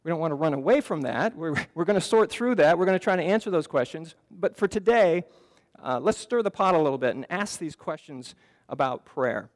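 A man with a fairly high voice preaching earnestly to a congregation. He talks in a conversational way and often restarts his phrases. The sound rings with the long reverb of a church hall. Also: animated, a little fast. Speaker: pastor. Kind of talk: sermon. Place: church sanctuary.

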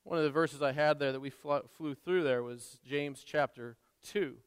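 A man's voice: fairly high pitch, normal speed, clean tone. A male pastor preaching a sermon in a church, earnest and conversational, with frequent restarts and asides. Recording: long reverb in a large hall.

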